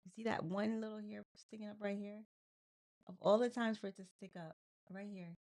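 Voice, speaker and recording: A woman from New York co-hosting a casual live chat, talking fast and laughing often. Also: medium pitch, steady tone, darkish tone. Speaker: co-host.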